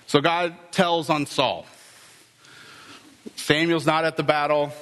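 A male pastor preaching a sermon, telling the story with lively, acted-out dialogue. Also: fairly high pitch, slow, long reverb tail.

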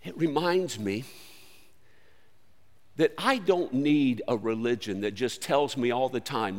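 A man preaching a sermon in an earnest, conversational way that swings between loud lines and hushed ones. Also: medium pitch, takes it slowly, pauses often, long reverb tail. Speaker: pastor.

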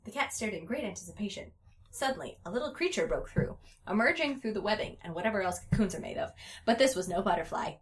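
A woman reading a story aloud in a playful, giggly way, pausing to chat. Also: medium pitch, lively intonation.

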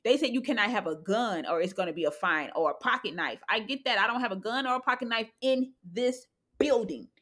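A woman's voice: a little high, animated, brisk, fairly bright tone. A woman in casual chat, blunt and joking, talking in slang.

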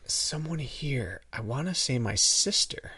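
A man's voice: medium pitch, lively intonation, a little slow, pushed and bright, husky, dry recording, far from the mic. A man with an Upper Midwest American accent co-hosting a podcast, rambling and laughing in casual chat. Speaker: podcast co-host. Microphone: headphones and remote mic.

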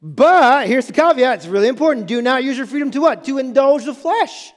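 A man's voice: very high voice, animated, fairly quick. A male pastor preaching a sermon in a church, emphatic, repeating key phrases and checking in with the congregation. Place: church sanctuary. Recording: long reverb in a church hall with music.

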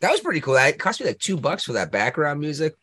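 A man's voice: on the high side, wildly swooping pitch, fast talker, a bit bright, slightly rough. A man hosting a podcast in casual chat, rambling, laughing often and ranting with strong opinions. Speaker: podcast host.

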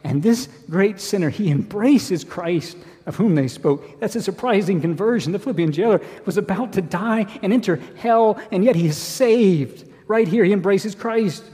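A man's voice: sits high, lively intonation, moderate pace, few pauses, warm tone, breathy edge. A man preaching a sermon as pastor, earnest and emphatic, asking rhetorical questions. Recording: long hall reverb.

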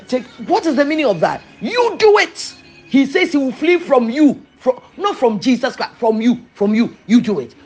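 A preacher giving a sermon, talking emphatically with rhetorical questions and repetition, swinging from loud bursts to soft asides. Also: medium pitch.

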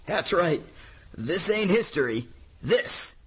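Playful comedian co-host, bright and animated, light laughter. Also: male voice, fairly high pitch, a little fast, slightly rough. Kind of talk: comedy podcast banter.

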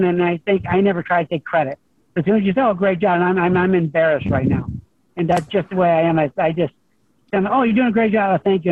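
A middle-aged man, a high school golf coach, talking over the phone in a rambling, humble way with many restarts. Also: no echo. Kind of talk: phone interview guest. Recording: tinny phone line.

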